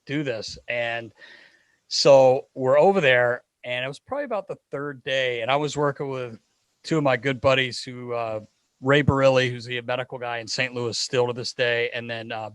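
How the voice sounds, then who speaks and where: A man, a hockey equipment manager, telling a lively story as a podcast guest. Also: medium pitch, moderate pace, no room sound. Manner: lively anecdotal storyteller acting out dialogue. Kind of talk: casual storytelling in a podcast interview.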